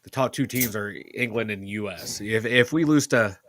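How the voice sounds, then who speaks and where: A man's voice: fairly low pitch, moderate pace, a bit bright. A man from the Pittsburgh area co-hosting a sports podcast, chatting loosely with lots of fillers and swearing. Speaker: podcast co-host. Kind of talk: casual sports chat.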